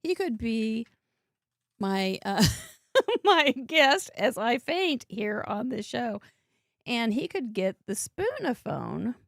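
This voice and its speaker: A woman's voice: on the high side, big pitch swings, slow pace, gravelly, no room sound, clean studio sound. A woman hosting a live crafting show, chatting in a bubbly way and laughing often while she works. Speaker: host. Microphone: headset earbud.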